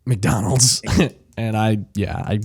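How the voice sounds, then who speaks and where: A man's voice: lowish voice, slow, gravelly, slightly rough. A young man co-hosting a casual podcast over a video call, laughing often and rambling through his stories. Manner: laughing, animated, rambling storyteller. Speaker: podcast co-host. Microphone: remote video call mic.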